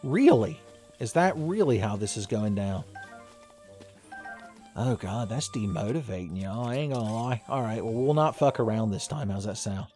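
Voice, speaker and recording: Over soft background music, a man with a fairly low, slightly mellow voice and lively intonation talks at a normal speed. He's a gaming video host, joking, swearing, and laughing plenty during his let's-play.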